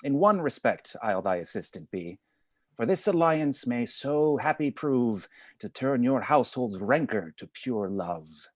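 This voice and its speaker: Man reading an old friar, slow and lilting, dry close sound. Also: mid-range voice, sing-song, no room sound. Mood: chiding. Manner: measured, advising. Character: wise, patient male friar counselling a youth. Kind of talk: cold read of a stage play. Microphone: video call.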